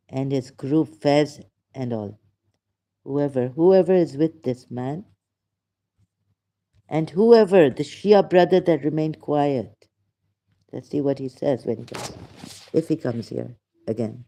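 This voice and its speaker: A man hosting a rambling livestream monologue, emphatic and indignant, halting often with fillers. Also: fairly high pitch, mellow. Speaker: channel host.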